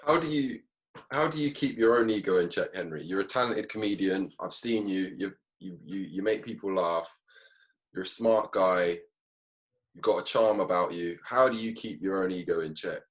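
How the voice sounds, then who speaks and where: Low-voiced enthusiastic male host. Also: moderate pace, low-quality recording. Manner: enthusiastic, complimentary questioning. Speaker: podcast host. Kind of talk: casual interview chat.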